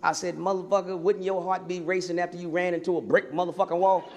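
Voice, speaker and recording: A man's voice: high voice, quick pace. A man performing stand-up comedy, telling a profane story and acting out the people in it. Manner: profane, animated, acts out characters. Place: theater stage before a laughing audience. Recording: live hall with long reverb, faint noise.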